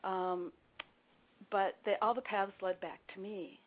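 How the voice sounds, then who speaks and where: A woman's voice: medium pitch, fairly even intonation, a little slow. An older woman guest telling her life story earnestly in a radio interview. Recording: phone-like narrow sound.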